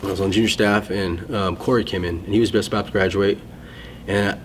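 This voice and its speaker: Deep-voiced man telling a rambling story. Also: steady tone, fairly quick, noisy background. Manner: rambling, self-interrupting storyteller. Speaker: guest sharing testimony. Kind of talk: casual conversation.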